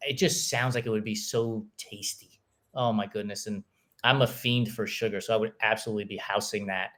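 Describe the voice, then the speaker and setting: Fairly quick and on the low side, this New York City-raised man hosts a podcast. His storytelling is easygoing, and laughter comes up often in the casual conversation.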